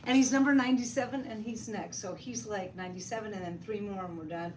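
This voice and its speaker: A woman's voice: mid-range voice, fairly even intonation, fast talker. Distant woman in a noisy room. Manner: brief, matter-of-fact. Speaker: staff member.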